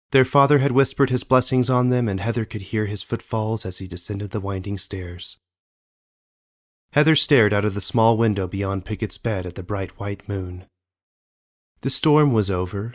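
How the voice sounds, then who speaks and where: A man reads an audiobook in a low voice. His narration is calm and measured. He tells the story in a steady, even way. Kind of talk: scripted narration.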